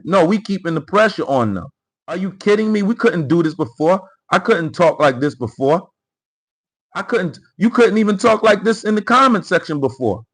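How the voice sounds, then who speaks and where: Male host of a live commentary stream, pitched a touch high; emphatic, repeats himself, riffs on chat comments. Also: a bit bright, low-quality recording. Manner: emphatic, repeats phrases and talks straight to the chat. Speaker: livestream host.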